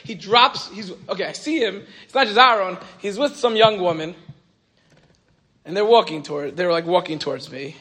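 Animated man telling a story. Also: high voice, normal speed. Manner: animated storytelling, acts out quoted dialogue, frequent "like". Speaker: rabbi and teacher. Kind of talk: storytelling Torah talk.

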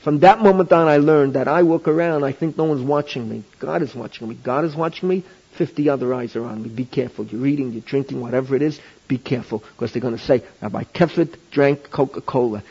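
A man, a rabbi teaching a class, gives an animated, joking lecture on rabbinic law, peppered with Yiddish and Hebrew phrases. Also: mid-range voice, fast talker, breathy edge, lo-fi sound. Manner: animated, jokey storyteller mixing in Yiddish and Hebrew.

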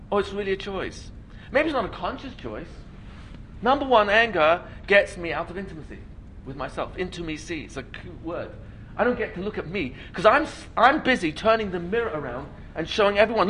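A man's voice: sits high, very animated, brisk, a bit bright, slight background noise. A man giving a lecture to an audience, often acting out little scenes in funny voices, asking rhetorical questions and laughing. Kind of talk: lecture at a learning day. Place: lecture at a school event, before an audience.

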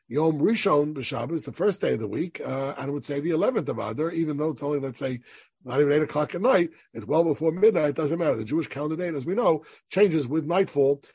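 A man's voice: a little high, a little mellow, slightly rough, no room sound. A man giving a rabbinic class, reading Hebrew verses aloud and explaining them to his listeners. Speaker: rabbi teaching a weekly class. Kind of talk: lecturing on Jewish law from source sheets.

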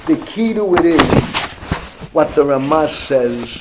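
A man's voice: on the high side, lively intonation, measured pace, darkish tone, slight background noise, low-quality recording. An older man, a rabbi, giving an informal Torah class, rambling through anecdotes sprinkled with Hebrew and Yiddish and calling on his students by name.

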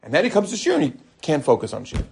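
A middle-aged man, a rabbi, giving an animated Torah lecture full of stories and bursts of emphasis. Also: on the high side, racing, creaky, a little hiss or hum. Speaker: rabbi teaching a Torah class.

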